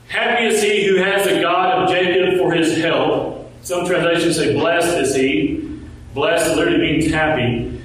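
A man preaching a sermon. He asks the congregation rhetorical questions and slows down when he quotes scripture. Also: fairly high pitch. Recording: very echoey room, voice from a distance.

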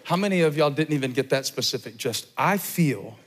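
In a large church, a middle-aged pastor preaches a sermon to his congregation, shifting from quiet, intimate speech to loud, shouted emphasis. His male voice is a little high, expressive, and fairly quick.

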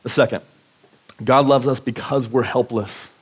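Male pastor, mid-pitched voice; relaxed, earnest sermon delivery full of casual asides and restarts. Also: moderate pace, slightly rough. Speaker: pastor preaching. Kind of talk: conversational sermon with personal stories. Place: church service.

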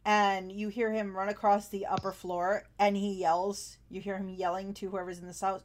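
A woman's voice: mid-range voice, steady tone, normal speed, hardly any pauses. A woman narrating a tabletop game as game master, chatty and laughing often, with frequent fillers.

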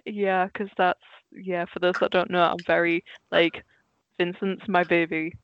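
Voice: medium pitch, level tone, unhurried, clean tone. A young adult from the Netherlands with a Dutch accent, chatting as a podcast co-host in a passionate, rambling way and laughing easily. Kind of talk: casual chat. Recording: dull lo-fi sound.

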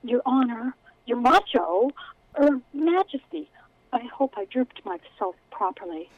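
A woman's voice: fairly high pitch, sing-song, a little slow, dry recording, narrow, tinny audio, voice pushed up. A woman voicing a timid young female pack rat who stammers and gushes nervously. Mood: flustered. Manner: stammering, breathless, gushing.

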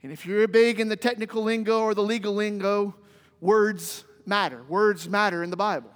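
High-voiced man preaching in a reverberant hall. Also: steady tone, normal speed, fairly bright tone. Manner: emphatic, uses repetition and rhetorical questions. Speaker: pastor. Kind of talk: sermon. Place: church sanctuary.

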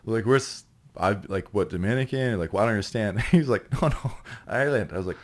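Deep-voiced Canadian man, rambling and laughing. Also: a little fast. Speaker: guest actor. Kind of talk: casual chat.

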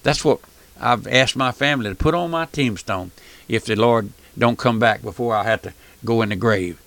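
A man's voice: mid-range voice, moderate pace, vocal fry, a bit bright, dry recording. A man preaching a folksy radio sermon, emphatic and full of rhetorical questions.

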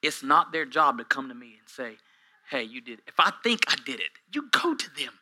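A man around forty preaching a sermon to a congregation in a church, swinging from hushed asides to shouted peaks, with humorous self-deprecating stories. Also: fairly high pitch, sing-song, brisk, low-quality recording. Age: 40s. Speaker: pastor. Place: church hall with a live congregation.

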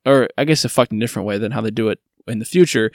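A man co-hosting a podcast in casual chat, summing things up with wry, deadpan asides. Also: on the low side, racing, no room sound, studio quality. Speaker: podcast co-host.

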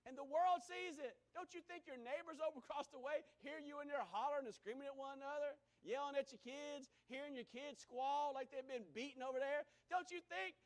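A man preaching a sermon to his congregation in a church, with a folksy style that swings between low, quiet asides and loud exhortation. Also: fairly quick, hardly any pauses. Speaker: pastor. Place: church sanctuary.

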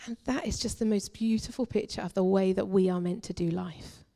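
Young woman preaching in church, earnest and confessional, goes loud then hushed. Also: mid-range voice, steady tone, brisk, gravelly. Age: young adult. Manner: earnest, confessional, swings between forceful and hushed. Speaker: guest preacher. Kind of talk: personal testimony sermon.

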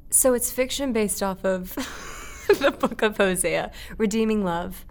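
A woman's voice: medium pitch, slow, slight background noise. A young adult woman, a guest in a casual interview, speaking earnestly and reflectively and laughing easily.

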